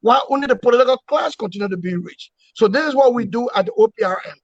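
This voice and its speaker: A man's voice: very high voice, animated, fast talker, dry recording. A man leading an opposition movement, speaking in an interview with emphatic, repetitive oratory and rhetorical questions. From Liberia. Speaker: opposition movement leader, guest. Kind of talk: political interview. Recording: dull, dry lo-fi sound.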